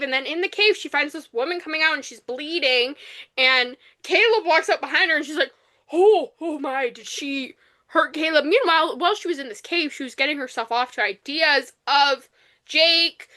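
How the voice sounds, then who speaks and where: A woman with a high, bright voice is recapping a novel on a casual podcast. She rambles through the plot, leaning on "like" and tossing in swear words as she goes. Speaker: podcast co-host. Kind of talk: casual book review chat.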